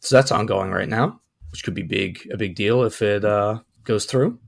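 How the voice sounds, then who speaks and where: A man co-hosting a sex and dating podcast in casual chat, talking in a relaxed, rambling way with a croaky morning voice. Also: fairly low pitch, normal speed. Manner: relaxed, rambling, frequent fillers. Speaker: podcast co-host.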